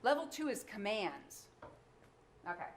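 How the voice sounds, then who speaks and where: A woman prosecutor argues her closing in a courtroom, firing off pointed rhetorical questions with emphatic stress. Her voice sits fairly high and rings out in the echoey hall, with a faint hiss under it. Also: big pitch swings, measured pace.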